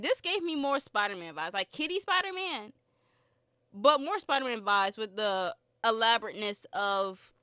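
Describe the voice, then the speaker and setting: High, lively, giggly young woman podcaster. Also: no room sound, clean studio sound. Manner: rambling, giggly, sidetracked. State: slightly sore throat. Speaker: podcast host. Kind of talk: casual film review chat.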